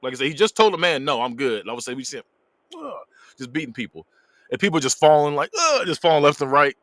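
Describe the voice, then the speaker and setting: A man's voice: mid-range voice, rapid-fire, fairly bright tone, dry recording. A man casually recapping a movie plot on a podcast, acting out the characters' lines and laughing along. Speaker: podcast host. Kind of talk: casual movie review chat.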